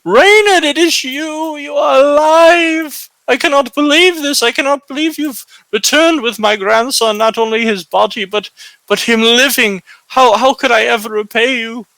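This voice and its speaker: A man voicing a kindly, frail old grandmother, speaking in a shaky, high, breathless voice. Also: expressive, a little slow, pushed and bright, dry recording. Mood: tearful joy.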